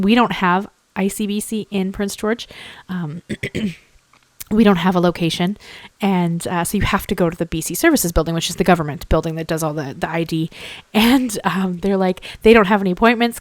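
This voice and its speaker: A young woman hosting a card-making tutorial in a rambling, chatty voice-over, a little hoarse from a cold and often clearing her throat. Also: fairly low pitch, no echo. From Canada.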